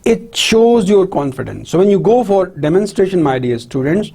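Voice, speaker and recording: A university lecturer delivers a slow, very animated classroom lecture on teaching skills. The mellow, slightly husky voice rises and falls a lot in pitch. It keeps checking in with "right?" and "clear?", posing questions and then answering them.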